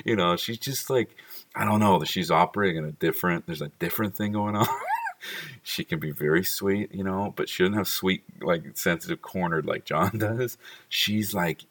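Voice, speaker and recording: A man's voice: deep voice, a bit bright, far from the mic. A man talking fondly about his children in a casual, rambling monologue full of "like" and small laughs.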